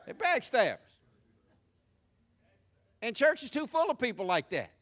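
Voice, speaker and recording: A middle-aged man preaching a sermon, swinging from hushed asides to loud, emphatic lines. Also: very high voice, huge pitch swings, measured pace. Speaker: pastor.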